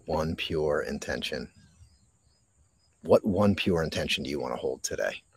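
A man hosting a live mindfulness podcast from a park, talking slowly and reflectively with dramatic pauses and reading viewer comments. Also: extremely low pitch, expressive, husky. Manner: reads and answers viewer comments. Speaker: podcast host. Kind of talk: live-streamed mindfulness talk. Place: outdoors in a park.

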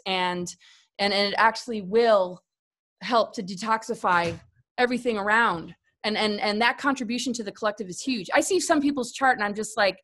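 A woman with a fairly high voice talks about spirituality in a casual, earnest way. She rambles, restarts sentences and repeats words as she goes, speaking as a guest in a conversation. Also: a bit bright.

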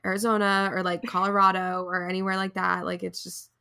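A woman's voice: medium pitch, flat delivery, a little fast, creaky, a crowd in the background. A young woman co-hosting a podcast, chatting casually with lots of "like" and frequent laughter. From near Raleigh, North Carolina. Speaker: podcast co-host. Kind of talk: casual chat.

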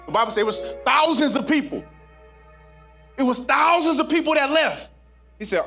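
A man with a high voice preaching a sermon. He is conversational and playful one moment and hushed or shouting the next, with faint music behind him. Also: wildly swooping pitch, measured pace, pauses often, breathy edge. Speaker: guest preacher.

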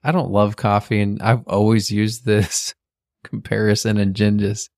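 A man's voice: fairly low pitch, flat delivery, unhurried, gravelly, a little mellow, no echo, studio quality. A man co-hosting a podcast, chatting with his wife in a laid-back, joking way. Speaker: podcast co-host. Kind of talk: casual chat with his wife.

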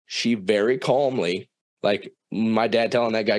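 Young guy, low and dry, swears freely, acts out quotes in a spoken story. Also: normal speed, no room sound. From South Dakota. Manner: profane, animated storytelling with quoted dialogue. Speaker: guest storyteller.

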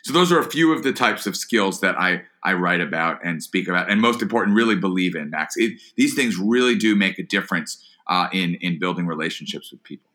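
Bright-voiced man explaining people skills. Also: deep voice, animated, a little fast, hardly any pauses. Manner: earnest, repeats words when starting phrases. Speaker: guest, entrepreneur and author. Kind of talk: podcast interview answer.

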